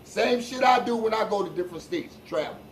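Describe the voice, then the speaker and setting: A man from hosting a live-streamed sports talk show, ranting bluntly and with plenty of profanity, dropping low for asides and rising into shouts. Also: animated, fairly quick, slight background noise, poor audio. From Philadelphia.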